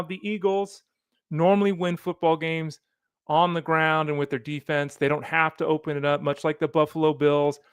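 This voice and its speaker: A man hosting a solo fantasy football podcast, animated and opinionated, talking straight to the listener. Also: fairly high pitch, normal speed, smooth, no echo, clean studio sound. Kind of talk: solo sports podcast commentary.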